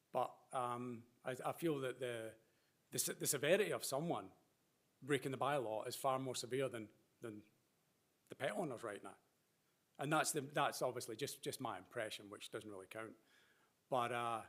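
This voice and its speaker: A man, a runner, speaking earnestly and at length during public comment at a council-style meeting, rambling and a little apologetic. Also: medium pitch. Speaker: member of the public.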